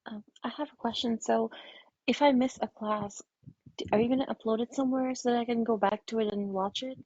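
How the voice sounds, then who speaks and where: A woman's voice: on the high side, steady tone, a little fast, darkish tone, no room sound. A woman student asking questions on an online class call. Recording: muffled call audio from far off.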